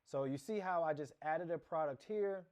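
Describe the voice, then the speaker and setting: A man's voice: fairly high pitch, moderate pace, a little mellow, lo-fi sound. A man teaching a casual screen-share lesson, talking through each click as he goes, often restarting and correcting himself. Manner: rambling, self-correcting, talks through clicks. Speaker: course instructor.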